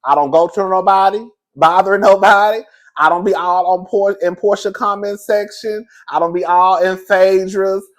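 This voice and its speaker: A man's voice: high-pitched, steady tone, normal speed. Laughing, chatty gossip host, a man. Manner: chatty, laughing often, calls listeners girl and baby. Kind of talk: casual gossip commentary.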